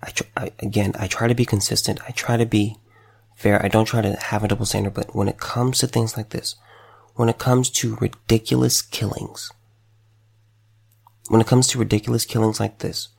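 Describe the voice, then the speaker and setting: Gravelly, halting man near tears. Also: lowish voice, level tone. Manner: halting and stammering, with many repeated words. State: choked up, fighting back tears. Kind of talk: emotional direct-to-camera commentary.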